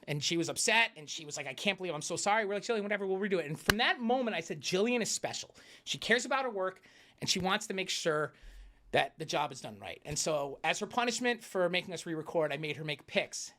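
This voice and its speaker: Man, sports show co-host, quick talker, bright voice, upbeat self-mocking banter. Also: high voice, expressive. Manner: fast, upbeat, self-deprecating joking. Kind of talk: casual sports chat.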